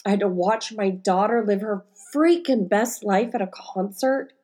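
A woman's voice: medium pitch, moderate pace, darkish tone. A woman in her forties talks alone into her podcast mic, telling stories from her week. She rambles candidly, with many fillers and restarts. Her voice is emotional, close to tears. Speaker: podcast host and life coach. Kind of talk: casual solo podcast monologue.

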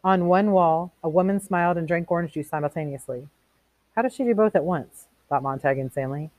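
A woman's voice: lowish voice, a little fast, darkish tone, no room sound. A woman reading a novel aloud to a class, stopping now and then for casual explanations. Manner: reads plainly, stops to explain in casual asides. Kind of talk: read-aloud with commentary.

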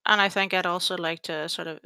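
A woman's voice: on the low side, steady tone, fast, sharp tone, smooth, no room sound, studio quality. A young woman with a Black Country accent hosting a podcast, chatting casually, swearing a lot and laughing often. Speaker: podcast host. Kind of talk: casual chat.

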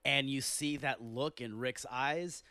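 A man's voice: mid-range voice, slow pace, sharp tone, no echo. A man hosting a podcast, ranting in a blunt, exasperated way and swearing freely as he talks about a TV show. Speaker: podcast host. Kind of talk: casual rant. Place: home living room.

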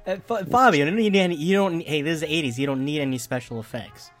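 A man's voice: a little high, fast, a bit bright, soft background music. A man co-hosting a casual podcast chat, rambling with lots of fillers and frequent laughs.

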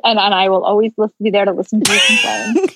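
A woman co-hosting a podcast in casual chat, speaking matter-of-factly and gently contradicting her friend. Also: mid-range voice, very animated, fast talker, heavy background noise. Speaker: co-host and office colleague.

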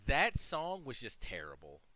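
A man's voice: medium pitch, huge pitch swings, measured pace, bright, forceful tone. A man co-hosting a casual movie review chat, rambling and hesitant, often incredulous at what happened on screen. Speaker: podcast co-host. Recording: audible background noise.

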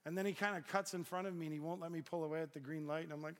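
Man, middle-aged, pastor, storytelling sermon, acts out dialogue, slightly high voice, long hall reverb. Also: racing, creaky, hardly any pauses. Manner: animated storyteller acting out dialogue.

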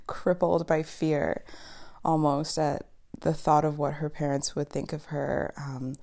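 A young woman from East Africa chats through a TV recap in a low, gravelly voice. She is talkative and animated, laughing often and filling pauses with ums. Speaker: podcast host. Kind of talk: casual chatty TV recap monologue.

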